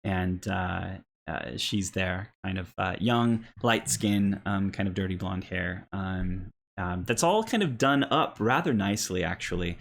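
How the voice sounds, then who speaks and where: A man's voice: low voice, measured pace, vocal fry, fairly bright tone, a little hiss or hum. A man narrating a tabletop role-playing game as game master, rambling with many ums and restarts.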